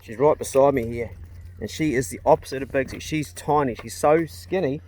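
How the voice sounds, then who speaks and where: A man's voice: mid-range voice, brisk, a little mellow, a little hiss or hum. A middle-aged man with a New Zealand accent, chatting candidly on a casual vlog, rambling with slang and fillers, filming on a phone. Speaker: vlogger. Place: in a car and outdoors. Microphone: phone held while driving.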